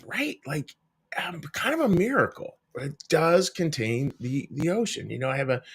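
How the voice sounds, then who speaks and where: Gentle middle-aged minister, mid-pitched voice. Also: male voice. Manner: gentle, conversational, warmly addresses listeners as folks; frequent restarts and searching for words. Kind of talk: daily devotional reflection to camera. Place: small cabin room indoors.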